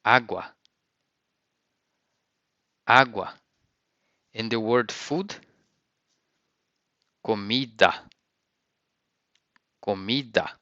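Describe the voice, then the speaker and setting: Slow, bright-voiced man teaching vocabulary. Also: lowish voice, no echo, highs cut off. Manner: slow, clear, repeats each word twice. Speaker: language teacher. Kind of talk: vocabulary lesson with repetition.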